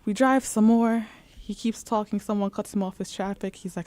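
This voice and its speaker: A woman's voice: medium pitch, steady tone, moderate pace, darkish tone, no room sound. A woman co-hosting a radio show, telling a comic story with vivid, dramatic delivery.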